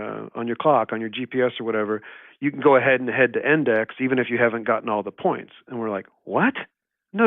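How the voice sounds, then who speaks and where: A man's voice: medium pitch, no echo. Man talking on a tinny line. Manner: rambling storyteller, heavy on "you know" and "like". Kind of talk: casual podcast chat. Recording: tinny phone-like line, dry.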